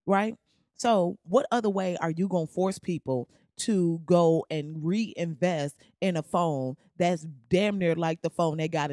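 A podcast host rants in casual commentary, blunt and heavy on profanity, with a sarcastic edge. The voice sits at a mid pitch. The recording is dry and close, with no room sound. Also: a little mellow, no echo. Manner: sarcastic, laughs at own jokes.

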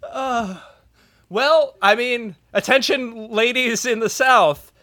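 Comedy co-host, male, bright high voice, quick joking interjections. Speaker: podcast co-host. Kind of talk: casual comedy podcast chat.

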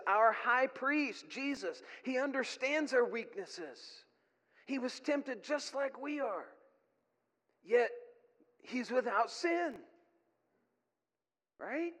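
A middle-aged male pastor preaches in a high, bright voice, earnest and plain-spoken with folksy asides. His sermon rings out with a long reverb from a church hall.

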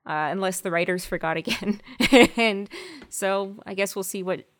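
A woman co-hosting a podcast, recapping an episode casually and voicing characters' lines in a higher pitch. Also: normal speed, a little hiss or hum. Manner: lively, jumps high when quoting. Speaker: podcast co-host.

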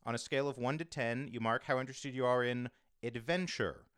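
A man hosting a casual roundtable chat about tabletop games, explaining things briskly. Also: mid-range voice, fairly bright tone, smooth, dry recording, studio quality. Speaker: podcast host and game master.

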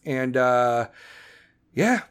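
A man's voice: medium pitch, sing-song, extremely slow, smooth. Angry, foul-mouthed male podcast host. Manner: angry, swearing constantly, shouting bursts. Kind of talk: profane political rant and ad read.

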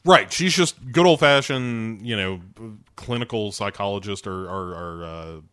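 A man's voice: fairly low pitch, unhurried, pushed and bright, smooth, no echo, clean studio sound. A man casually recapping a TV episode with a co-host, animatedly acting out lines, swearing and laughing. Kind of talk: casual chat.

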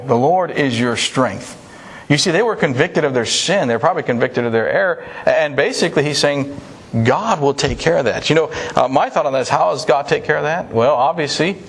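A man's voice: medium pitch, husky. A man preaching a sermon, telling a story in an easy, conversational way with many small restarts and fillers. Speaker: pastor.

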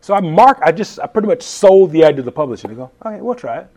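A chef in his fifties tells stories in a casual interview, animated and laughing as he acts out quotes. His voice is on the high side and he talks at a racing pace.

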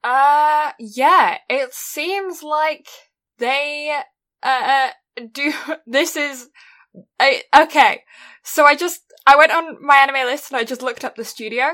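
A woman's voice: high-pitched, takes it slowly, pushed and bright. A woman co-hosting a casual anime podcast, teasing and giggly. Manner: giggly, teasing, lots of fillers. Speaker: podcast co-host.

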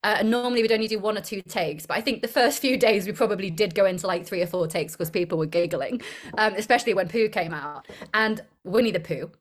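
A woman's voice: medium pitch, quick pace. A young woman, an actress being interviewed, chatting casually, rambling and giggling often. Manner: giggly, rambling, self-deprecating.

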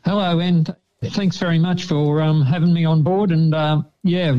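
A man's voice: a little high, fairly even intonation, normal speed, mellow. A man calling in to report racing results, hesitant and matter-of-fact. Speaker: pigeon racing correspondent, caller. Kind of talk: reading results by phone. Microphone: phone line. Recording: dull phone line.

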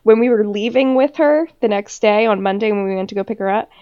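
A woman's voice: medium pitch, quick pace, mellow, clean tone. A woman podcast co-host telling a story in casual chat, swearing freely and laughing often. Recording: dull lo-fi recording.

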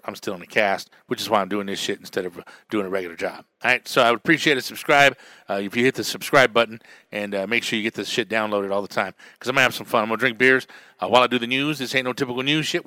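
A man from New Mexico who works as a radio DJ and comic, hosting his own podcast in a loud, profane, beer-drinking monologue. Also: medium pitch, fast talker, dry recording. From Albuquerque, New Mexico. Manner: loud, swearing, drinking beer while talking.

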